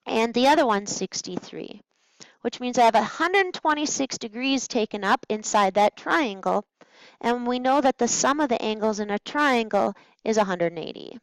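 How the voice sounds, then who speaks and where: A woman's voice: a little high, lively intonation, normal speed, dry recording, rough recording. A woman math teacher talking through practice problems at a smart board, chatty and playful with little asides to herself. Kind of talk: recorded test-prep walkthrough.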